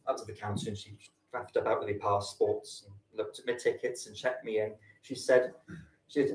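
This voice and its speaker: A man with a mid-range, warm voice and lively intonation delivers brisk, camp and bawdy stand-up at a fringe festival theatre, slipping into character voices as he tells stories. Faint music plays behind him, and the echoey room makes him sound far off.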